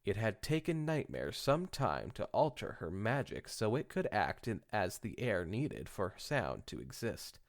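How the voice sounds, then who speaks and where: A low-voiced man reads fan fiction aloud for a podcast, breaking off for casual jokes with his co-host. His pitch moves around a lot, and he trips over words and corrects himself as he reads. The feel is relaxed, loose banter. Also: measured pace, hardly any pauses. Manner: joking, stumbles and corrects himself while reading.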